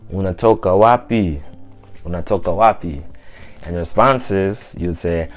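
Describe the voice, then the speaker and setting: A man giving a casual language lesson, repeating each phrase slowly and clearly and explaining in a loose, relaxed way. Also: sits low, faint music behind. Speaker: language teacher.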